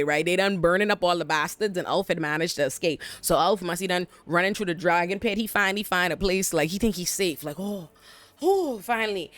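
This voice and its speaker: A young woman giving a lively, joking recap of a TV episode, laughing often, cursing playfully and acting out the characters. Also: lowish voice, no room sound. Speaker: TV recap host.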